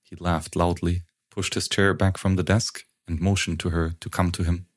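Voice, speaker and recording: A man narrating an audiobook in a steady, even reading manner. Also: sits low, normal speed.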